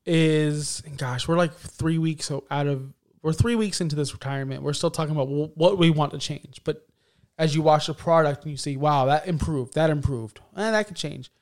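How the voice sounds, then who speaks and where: A man co-hosting a casual wrestling talk show, animated and joking, often mocking stiff scripted promos. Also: a little high, fairly quick. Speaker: podcast co-host.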